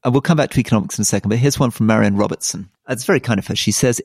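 A middle-aged man co-hosting a political podcast, explaining his views thoughtfully and at length, with soft asides. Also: fairly low pitch, very fast, hardly any pauses, husky, no echo, clean studio sound. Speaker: podcast co-host.

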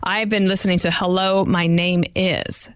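A woman's voice: lowish voice, level tone, normal speed, clean tone, dry recording. Middle aged lady podcast host, chatty storyteller, dry close sound. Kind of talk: casual podcast interview.

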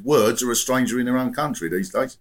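A man's voice: mid-range voice, a little fast, close to an everyday voice. A man playing a muddled, bigoted middle-aged radio caller in improvised comic role-play, with an indignant, rambling and evasive manner. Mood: grumbling.

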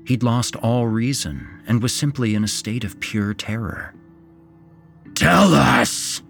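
A man narrating a horror story in a slow, suspenseful way. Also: lowish voice, fairly even intonation, a little mellow, faint music behind.

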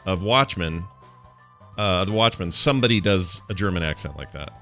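Bright, lively male podcast host. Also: low-pitched, moderate pace, faint music behind. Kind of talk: casual chat.

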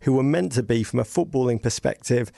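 Gravelly man, witty storyteller. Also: mid-range voice, fairly quick, warm tone, no echo, clean studio sound. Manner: witty, digressive storytelling with sarcastic asides. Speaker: podcast guest. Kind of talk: casual podcast conversation.

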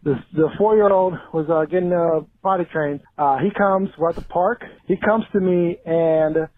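A man in his thirties, a father, leaves a rambling, relaxed voicemail telling a story. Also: a little high, normal speed, no echo. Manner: relaxed, rambling, with many fillers. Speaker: caller. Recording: tinny phone voicemail.

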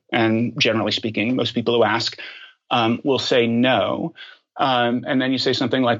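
A man answering questions as a podcast guest, talking thoughtfully and pausing often with ums and restarts. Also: medium pitch, steady tone, a bit bright, lo-fi sound. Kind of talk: conversational interview answers.

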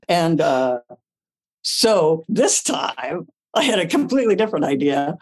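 Older actress guest telling stories, lively, laughs easily, acts out her lines. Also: fairly low pitch, measured pace. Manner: animated, acts out her own quotes, laughs often. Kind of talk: casual anecdote telling.

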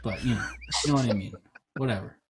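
A man's voice: on the low side, fast talker, heavy background noise. A man co-hosting a casual podcast chat over a video call, rambling with many restarts. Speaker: co-host.

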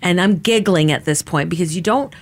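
A woman in her thirties giving a candid personal account in halting, casual speech full of "like" fillers and restarts. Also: lowish voice. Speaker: interviewee recounting her experience.

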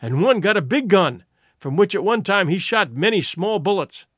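Fierce wounded warrior, boastful then grim, voiced by a man reading a storybook; high, very lively delivery. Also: normal speed, slightly rough, no room sound, studio quality, exaggerated voice. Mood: grim storytelling. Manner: fierce, boastful proclamations, flat when grim.

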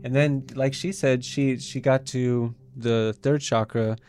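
A man guest coaching on intimacy, speaking softly and haltingly with many fillers. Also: mid-range voice, fairly even intonation, faint music behind. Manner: soft-spoken, hesitant, many fillers. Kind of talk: casual interview chat.

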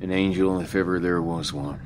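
A man voicing a gruff but tender middle-aged man who speaks low and rough. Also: steady tone, normal speed, noisy background, natural voice.

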